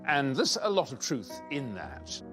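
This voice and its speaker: A man's voice: mid-range voice, big pitch swings, measured pace, music in the background. A man commenting in a documentary interview, confident and vivid.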